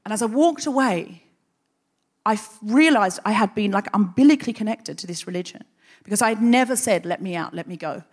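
A woman's voice: mid-range voice, a little fast. Wry woman telling a story onstage. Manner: lively, wry, building to impassioned. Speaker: comedian and podcast host. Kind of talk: live comic storytelling. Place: stage in front of a live audience.

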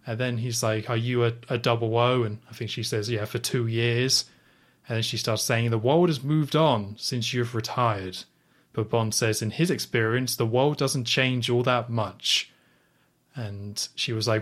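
A man talks through a film scene on a casual podcast. He quotes the characters' lines flatly, rarely putting on their voices, and keeps a relaxed, chatty pace. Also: mid-range voice, normal speed. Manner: retells scenes, quoting lines in a flat voice. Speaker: podcast co-host.

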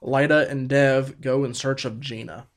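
Male co-host, medium pitch, easygoing and chatty. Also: a little slow. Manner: relaxed, many "like" fillers, reads episode summaries. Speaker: podcast co-host. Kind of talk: casual chat.

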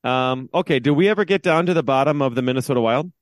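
A man co-hosting a casual podcast, talking in a rambling, joking way and often stopping to restart his sentences. His voice sits at a middle pitch. It is recorded close and dry, with no room sound behind it. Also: quick pace, dry recording. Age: adult, father of two. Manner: rambling, joking, self-interrupting. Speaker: podcast co-host. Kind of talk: casual sports podcast banter.

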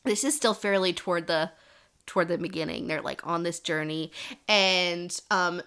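A young woman co-hosts a casual book chat, with a bright, forward tone. She retells plots in an animated way, full of "like" and small restarts. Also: fairly low pitch, normal speed, smooth. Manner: animated retelling with many fillers and "like". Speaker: podcast co-host.

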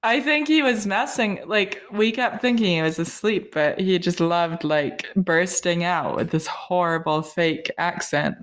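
A woman co-hosting a podcast, chatting casually and telling stories with frequent giggles. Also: lowish voice. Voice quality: quick, giggly storytelling. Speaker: podcast co-host. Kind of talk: casual chat.

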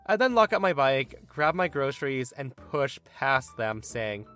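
A young man narrating a story from an online forum, lively and expressive, acting out the quoted lines. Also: unhurried, clear, resonant tone, faint music behind. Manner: lively, acts out quoted lines with raised pitch. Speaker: narrator reading a Reddit story.

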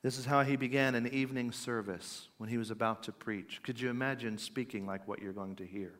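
A man's voice: medium pitch, fairly even intonation, a little fast, a bit bright, big-room sound. A man giving an earnest talk on faith, moving between plain conversational asides and emphatic readings of old quotations. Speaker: podcast speaker.

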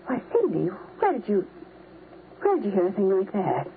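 An actress playing a gentle, indulgent mother who soothes and fusses, in 1950s radio drama style, heard through a tinny, hissy old broadcast. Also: mid-range voice, huge pitch swings, normal speed. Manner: soothing, fussing.

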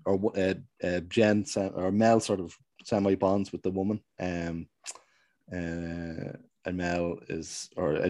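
A man's voice: sits low, darkish tone, no room sound. A man casually recapping a TV show's plot, rambling and hesitant as he tells it. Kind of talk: casual chat recapping a TV show.

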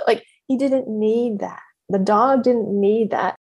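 A woman coach giving a motivational talk in an emphatic, animated way, laughing often. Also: on the high side, slow, few pauses, breathy edge.

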